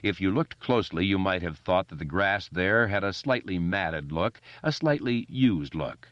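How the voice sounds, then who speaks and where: A man narrating a novel as an audiobook reader, expressive and doing voices for the characters. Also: low-pitched, moderate pace, no echo, dull audio. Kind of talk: scripted narration.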